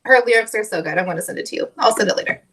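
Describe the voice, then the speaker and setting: A woman's voice: mid-range voice, rapid-fire, background noise. A woman co-hosting a casual podcast roundtable, heated and blunt, swearing freely. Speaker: co-host.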